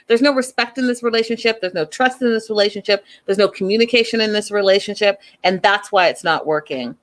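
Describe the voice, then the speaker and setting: A woman's voice: mid-range voice, quick pace, few pauses. A woman hosting a casual recap show, chatty and opinionated, firing off rhetorical questions. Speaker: host.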